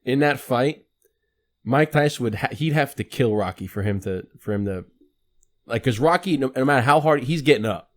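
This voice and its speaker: A man co-hosts a podcast with animated, quick-burst talk. He swears freely in loose banter, with a voice of middling pitch. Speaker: podcast co-host. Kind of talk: casual chat.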